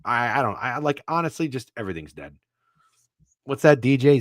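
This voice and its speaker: Brief: male betting-podcast co-host, lively swooping delivery, cussing, dry close mic. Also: mid-range voice, normal speed, dry recording. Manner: profane, animated, rambling. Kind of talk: casual sports betting chat.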